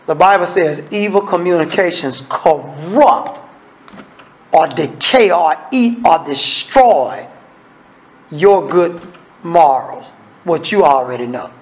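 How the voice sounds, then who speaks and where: A man preaching with a high, gravelly voice that has a rough, creaky edge. He talks in a folksy, conversational way, blunt and scolding with a streak of humor, often slipping into short acted-out exchanges between people. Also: expressive, slow pace, low-quality recording. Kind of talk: evening sermon.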